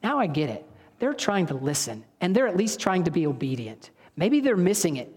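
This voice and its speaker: A man's voice: high voice, very animated, a little fast, a little mellow. A man preaching a sermon in a casual, storytelling way, often stopping to correct himself. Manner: conversational, storytelling, self-correcting. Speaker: pastor. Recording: long reverb of a hall.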